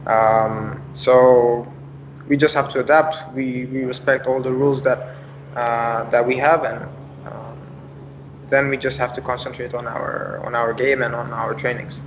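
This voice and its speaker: Footballer, non-native English speaker with an American-tinged accent, halting interview answers, even tone, lo-fi noisy clip. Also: male voice, mid-range voice. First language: not English. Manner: hesitant, many fillers. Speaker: professional footballer. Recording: dull lo-fi with noisy background.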